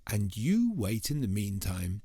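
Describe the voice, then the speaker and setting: A man's voice: fairly low pitch, huge pitch swings, unhurried, dark tone, breathy edge, no echo, clean studio sound, heavily acted. A man voicing a thin, clever young male billy goat in a told folk tale, talking in a persuasive, coaxing way.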